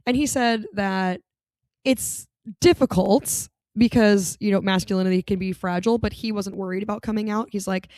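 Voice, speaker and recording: A young woman host rattles through a casual comedic monologue, campy and chatty with sarcastic asides. Her voice sits at a middling pitch. The recording is dry and close, with no room sound. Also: steady tone, moderate pace, a little mellow, no echo. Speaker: podcast host.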